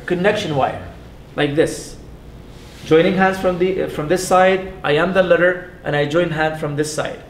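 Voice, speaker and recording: A man teaching a class, patiently repeating sounds slowly and putting questions to his students. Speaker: Arabic teacher. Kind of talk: classroom lesson. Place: mosque classroom. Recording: echoey room with faint rumble.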